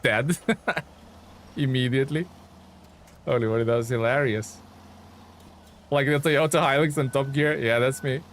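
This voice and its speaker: A man streaming a game, chatting casually and excitably with his viewers. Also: mid-range voice, a little slow, long pauses, slight background noise. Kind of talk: casual live-stream chat while playing.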